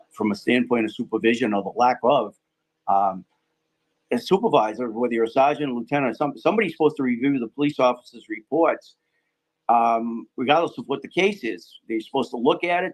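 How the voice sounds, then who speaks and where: A man's voice: mid-range voice, low-quality recording. Hesitant man with frequent ums. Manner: hesitant, many ums and restarts. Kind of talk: casual podcast discussion.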